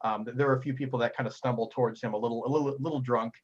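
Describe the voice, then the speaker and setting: A man narrating a tabletop game as game master, a lively storyteller who often stumbles and repeats words. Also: medium pitch, very fast, slightly rough, dull audio.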